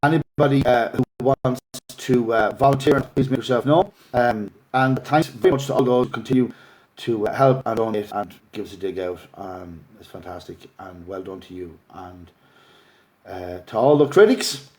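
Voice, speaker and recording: A middle-aged man with an Irish accent pleads earnestly into a phone or laptop mic, his voice sitting at an ordinary mid pitch. He talks in a heartfelt, emotional way, like an activist rallying his followers live. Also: moderate pace, darkish tone. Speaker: activist livestream host. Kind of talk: impassioned livestream appeal. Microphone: phone or laptop livestream.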